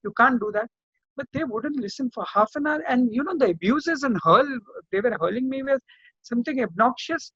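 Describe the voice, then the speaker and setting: A man's voice: very high-pitched, expressive, brisk, a bit bright, breathy edge, no room sound. A man, a lawyer telling his story in an interview in an impassioned, repetitive way. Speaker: lawyer and activist guest. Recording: dull, lo-fi sound.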